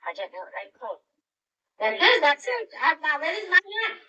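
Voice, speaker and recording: A grandmother in her later years leads a spiritual gathering and tells her followers plainly what to do. Her voice sits high and sounds bright and clear. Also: sing-song, fairly quick, dull audio. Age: older. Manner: instructive, directive. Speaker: spiritual teacher.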